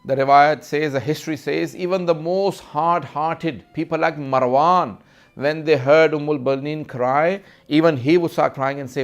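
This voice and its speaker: A man's voice: a little high, steady tone, normal speed. A man delivering a mournful sermon, recounting a lament in a grieving, heartfelt tone. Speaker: speaker.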